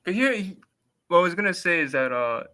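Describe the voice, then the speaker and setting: A man on a casual live stream, talking excitedly and filling his speech with "bro" and "like". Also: high-pitched, fairly quick. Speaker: watch party co-host.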